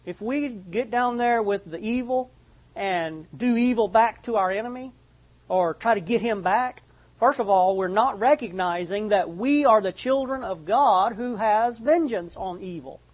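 A man preaching a sermon, reading Bible passages slowly, then repeating and explaining them. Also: high-pitched, highs cut off. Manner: reads scripture slowly, then restates and explains it. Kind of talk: slow expository Bible teaching.

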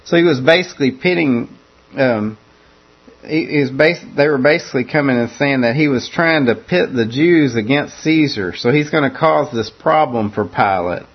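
A man's voice: mid-range voice, normal speed, breathy edge, highs cut off. A man preaching a conversational sermon that walks through a scripture passage, often repeating words as he restarts his phrases.

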